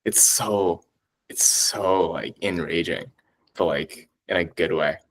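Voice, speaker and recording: A man chatting as a podcast guest, excitable and heavy on swearing, often laughing as he talks. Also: deep voice, takes it slowly, low-quality recording. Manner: excitable, swears a lot, laughs while talking. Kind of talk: casual chat.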